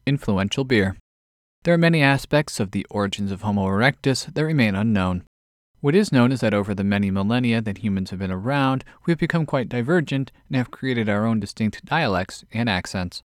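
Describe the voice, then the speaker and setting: A man's voice: on the low side, expressive, a little fast, no room sound. Man reading odd news stories, dry sound. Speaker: podcast host.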